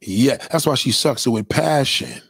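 A man's voice: medium pitch, animated, moderate pace, creaky, slightly rough, no echo, clean studio sound. A man delivering a blunt, profane, opinionated monologue in a lecturing tone.

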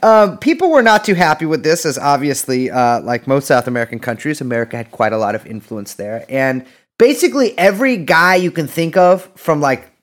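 A man's voice: fairly high pitch, sing-song, a little fast. A man co-hosting a podcast, talking casually with many restarts, jokes and swearing. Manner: rambling, jokey, many restarts and profanity. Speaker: podcast co-host. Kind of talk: casual chat.

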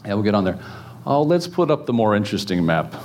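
A man's voice: fairly low pitch, big pitch swings, fast, darkish tone, a little hiss or hum. A man preaching a casual sermon, chatty and joking with the congregation, with many fillers and restarts. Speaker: pastor. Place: church in front of a congregation.

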